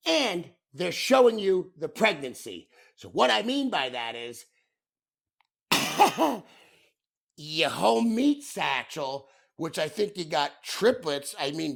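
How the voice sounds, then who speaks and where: Male podcast host, thirties, gravelly, fairly high voice, profane comedic rant. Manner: profane, animated storytelling.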